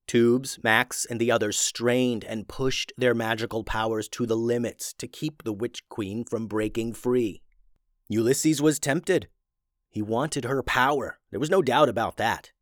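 A man reading a children's fantasy storybook aloud in a steady, expressive voice. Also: mid-range voice, measured pace, no room sound, clean studio sound.

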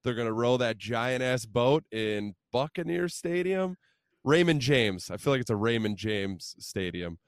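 A man's voice: medium pitch, animated, measured pace, clean tone, no room sound, clean studio sound. A man co-hosting a sports podcast, chatting in a joking, crude, rambling way. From Minnesota. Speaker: podcast co-host. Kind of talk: casual sports chat. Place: moving minivan.

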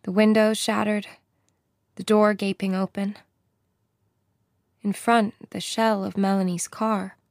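A woman's voice: mid-range voice, flat delivery, slow, long pauses, dry recording. A woman reading an audiobook as narrator, telling the story plainly in the first person, in a dry studio voice-over. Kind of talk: scripted narration.

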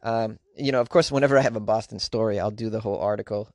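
A man's voice: on the low side, fast, a little mellow, no room sound, clean studio sound. A man hosting his own podcast in a casual, rambling way, with plenty of ums and side remarks. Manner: rambling, with many ums and trailing asides. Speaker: podcast host and comedian. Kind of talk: casual chat, reading out listener reviews.

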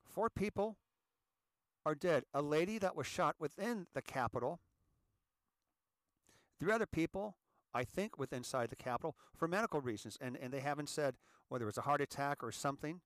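Host, male, fairly high voice, impassioned, tired, restarts a lot, dry sound. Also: normal speed, pauses often, a bit bright, no room sound. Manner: impassioned, repeats words, stumbles over restarts. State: tired from a sleepless night. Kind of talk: emotional solo commentary.

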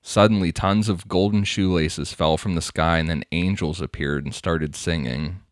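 A man's voice: low voice, fairly even intonation, normal speed, dry recording, studio quality. A man hosting a podcast, telling a crime story in a casual, crude, laughing way. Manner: laughing, crude, conversational narration. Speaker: podcast host.

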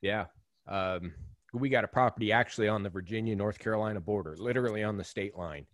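A man hosting a casual podcast chat, relaxed with quick interjections. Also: lowish voice, dry recording. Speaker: podcast host.

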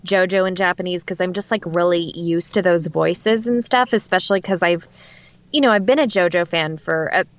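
A woman's voice: fairly low pitch, normal speed, no room sound. A woman from Alaska speaks in a neutral West Coast American accent, chatting casually as a podcast guest. She talks loosely with plenty of fillers. Her mic sounds a little dull and lo-fi. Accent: General American, West Coast. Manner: chatty, laughs often, lots of fillers. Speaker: guest voice actor.

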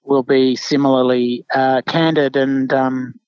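A man's voice: mid-range voice, level tone, unhurried, clear, resonant tone, no echo. A man hosting a podcast, chatting casually and hesitantly with many restarts. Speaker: podcast host. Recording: dull dry lo-fi sound.

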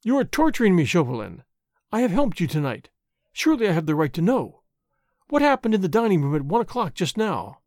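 A man's voice: high voice, sing-song, a little fast, darkish tone, no room sound, clean studio sound. A man doing a desperate pleading noblewoman. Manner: urgent pleading. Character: desperate, anxious noblewoman pleading for her brother.

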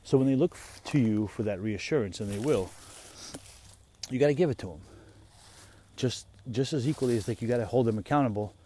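Rambling, profane young man, mellow voice. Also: mid-range voice, a little fast, slight background noise. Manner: rambling, profane, trailing off and restarting. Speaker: vlogger and parent. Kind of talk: casual monologue while walking outdoors. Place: woods outdoors.

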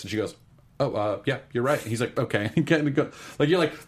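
A young man in casual chat, excitedly recapping a film scene by scene with lots of fillers and restarts. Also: medium pitch, fast. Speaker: podcast co-host.

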